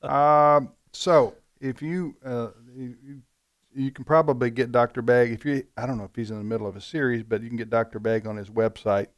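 A man's voice: mid-range voice, moderate pace. Chatty radio host man. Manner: relaxed, chatty, frequent fillers and restarts. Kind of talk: casual radio fundraiser chat.

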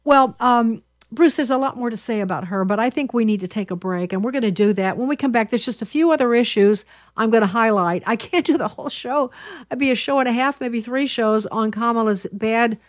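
A woman's voice: on the high side, a little fast, no room sound. A middle-aged woman hosts a political talk radio show. She argues emphatically and with conviction, stumbling over fillers and restarting sentences. The studio sound is dry and close, with no room to it.

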